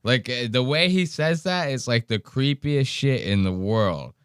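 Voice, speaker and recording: A man hosting a podcast, casually mocking the clips he plays with crude, animated commentary. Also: mid-range voice, measured pace, clear, resonant tone, no echo, clean studio sound. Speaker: podcast host.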